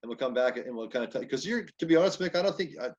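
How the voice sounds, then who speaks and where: A man's voice: mid-range voice, lively intonation, darkish tone. A man hosting a podcast interview, chatty and informal as he asks questions. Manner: chatty, fast-talking. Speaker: podcast host. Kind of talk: casual interview talk. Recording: dull lo-fi audio.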